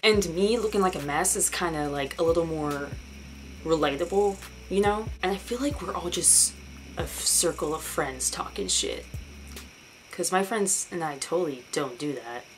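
Brief: young woman vlogger, lowish voice, sarcastic and profane, faint room hum behind. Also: moderate pace, low-quality recording. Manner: sarcastic, profane and animated, mocking others in put-on voices. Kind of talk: casual ranting vlog.

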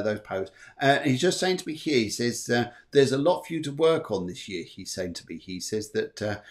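A man hosting a live psychic show, giving readings in a chatty, rambling way, correcting himself often and joking between readings. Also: fairly low pitch. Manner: rambling, self-correcting, jokey, many fillers. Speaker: psychic medium and show host.

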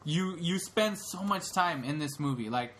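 A man's voice: on the high side, expressive, moderate pace, fairly bright tone, a little hiss or hum. A young man co-hosting a podcast, retelling a film in casual chat, rambling with lots of fillers and restarts. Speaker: podcast co-host.

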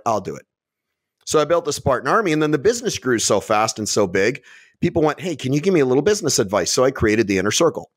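A podcast guest who owns a fitness business speaks in a slightly high voice, recorded at studio quality with no echo. In this casual interview he's blunt and brash, swears freely, and acts out other people in put-on voices.

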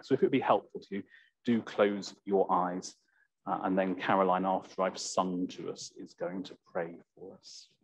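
A man preaching a sermon in church, slow and reflective, with a slightly croaky voice. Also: deep voice, no room sound. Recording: dull, lo-fi church recording.

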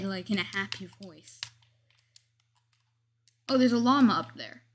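A woman's voice: medium pitch, lively intonation, measured pace, slight background noise. A woman chatting casually as she narrates her gameplay, commenting on every move and joking about herself. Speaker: gameplay video host.

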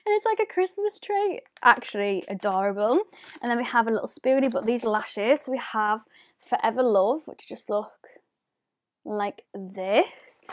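Chatty woman with a higher voice. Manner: chatty, rambling, lots of "like" fillers. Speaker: beauty YouTuber. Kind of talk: casual unboxing vlog.

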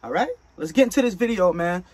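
A man's voice: sits high, lively intonation, fast, no echo. Playful man co-hosting a reaction video. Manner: playful, puts on a joking accent. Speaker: co-host of a reaction channel. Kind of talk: casual chat.

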